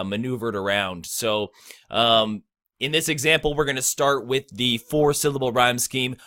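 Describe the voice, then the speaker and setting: Man, bright voice, casual rap tutorial, chants syllable rhythms. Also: mid-range voice. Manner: loose and conversational, many fillers. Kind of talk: casual instructional talk.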